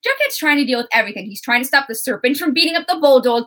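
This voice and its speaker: A young woman with a high-pitched voice co-hosts a casual TV recap chat, talking rapid-fire, animated, laughing often and acting out characters.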